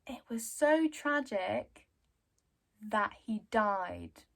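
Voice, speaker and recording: A woman voicing an evasive older woman, speaking in a drawn-out, dramatic way. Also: mid-range voice, animated, gravelly, fairly bright tone, full character voice. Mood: solemn. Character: evasive older woman telling a sad tale.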